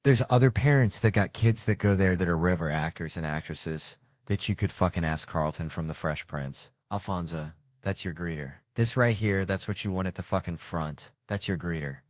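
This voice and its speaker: A man's voice: low-pitched, moderate pace, no echo, studio quality. A man doing stand-up, telling a profane story and acting out the people in it. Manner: animated, profane, acts out characters. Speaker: stand-up comedian.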